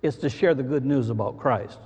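A man's voice: medium pitch, a little mellow, slightly rough. Male pastor preaching in a reverberant hall. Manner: halting, with many fillers and restarts. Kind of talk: sermon. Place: church sanctuary. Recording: muffled church hall with long reverb.

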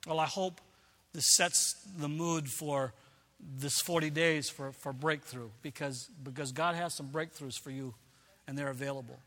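Pastor guy preaching, earnest, says stuff twice for emphasis, kinda high voice, long echo like a big hall. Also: steady tone, a little slow, bright, forceful tone. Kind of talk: sermon.

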